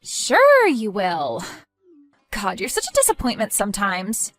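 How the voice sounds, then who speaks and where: A woman's voice: extremely high pitch, wildly swooping pitch, moderate pace, a bit bright, faint music behind, exaggerated voice. A woman playing a demanding, sulky pregnant young girlfriend who whines and sneers. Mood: scornful. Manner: whiny, sarcastic.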